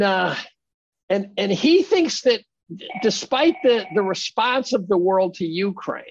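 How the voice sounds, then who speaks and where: A man's voice: high voice, vocal fry, darkish tone, husky, dry recording, muffled recording. A man speaking as a podcast guest in casual conversation, emphatic and argumentative.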